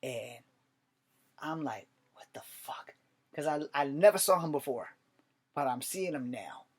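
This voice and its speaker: Brief: young man, casual profane storytelling vlog, animated delivery with loud and hushed turns. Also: fairly high pitch, a little slow.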